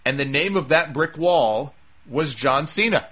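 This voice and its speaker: Male solo show host, bright tone, casual and opinionated, rambling delivery. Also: on the high side, expressive, a little slow. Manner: opinionated, emphatic, rambling with restarts. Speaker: wrestling commentator.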